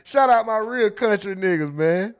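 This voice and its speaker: Streamer type: high-pitched man, animated and loud in bursts, casual chat-reading host. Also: moderate pace, smooth. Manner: animated, loud bursts, mimics people in quotes, laughs. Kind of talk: casual live stream commentary.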